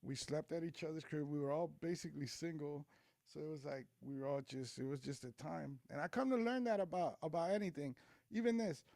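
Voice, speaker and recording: A man's voice: on the high side, a little fast, creaky, warm tone, no room sound. A middle-aged man chatting as a podcast guest, telling a rambling story full of slang and swearing. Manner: slangy, profane, rambling with frequent "like" and "bro". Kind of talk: casual storytelling chat.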